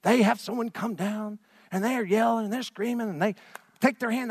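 A pastor in full sermon mode, his voice sitting a little higher than most men's. He swings from fervent, near-shouted lines down to soft, hushed ones. The sound is dry and close, with no room echo. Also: expressive, fairly quick. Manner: dramatic preaching, swinging from loud to hushed.

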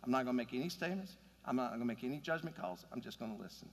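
A man's voice: mid-range voice, animated, racing, big-room sound. A man preaching a sermon in an earnest, conversational way, building to emphatic points. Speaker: pastor.

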